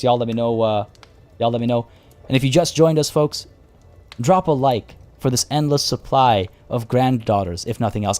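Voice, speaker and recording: A man's voice: mid-range voice, a little mellow. A man streaming a strategy game, talking casually to his chat as he plays. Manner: chatty, thinking aloud and answering chat. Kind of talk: casual live-stream commentary.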